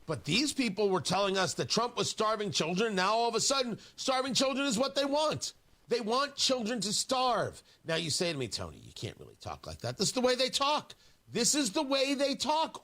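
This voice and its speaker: High, lively, bright-voiced combative radio host. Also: male voice. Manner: combative and emphatic, with hammering repetition. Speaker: radio talk show host. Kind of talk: opinionated talk radio monologue.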